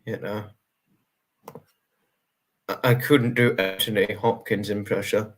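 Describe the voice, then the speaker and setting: A man talks on his livestream at a middle pitch, sounding tired. He rambles earnestly through viewer comments, full of fillers and reassurance. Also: unhurried, pauses often, fairly bright tone. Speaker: livestream host. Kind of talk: casual livestream chat, answering viewer comments.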